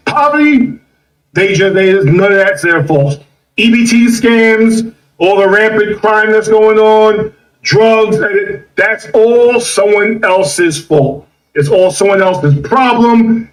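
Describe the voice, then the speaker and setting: A man's voice: high voice, echoey room, far from the mic, poor audio. A man delivering an emphatic, opinionated monologue, listing his points one after another. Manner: emphatic, repetitive, lists points.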